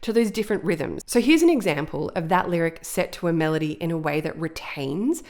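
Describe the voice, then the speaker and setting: A woman teaching songwriting in a video lesson, explaining ideas clearly and with emphasis. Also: low voice, lively intonation, a little fast, a little mellow.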